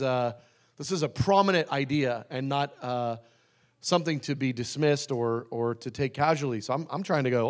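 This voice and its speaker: A pastor preaching a sermon in a conversational way, slowing down to stress key phrases. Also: male voice, a little high. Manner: conversational, with restarts and emphatic slowed phrases.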